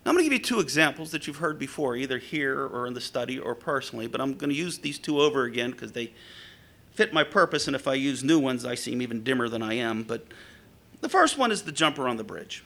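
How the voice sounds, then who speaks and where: A man's voice: quick pace, creaky. A middle-aged man, preaching a sermon and telling stories from his years as a police officer in a conversational way. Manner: conversational storytelling with lively pitch swings. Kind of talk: sermon with storytelling.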